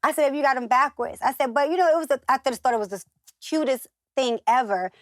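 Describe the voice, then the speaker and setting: A northern American woman, interviewed casually, tells chatty stories and voices the people she quotes. She speaks high and quick. The recording is dry and clean, studio sound.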